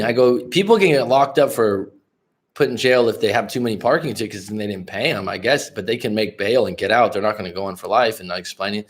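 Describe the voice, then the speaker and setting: A man's voice: medium pitch, a little fast. A talkative, outgoing young American man from California, telling stories casually to a livestream chat. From California, Bay Area. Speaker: life coach hosting a livestream. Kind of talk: casual storytelling to live chat.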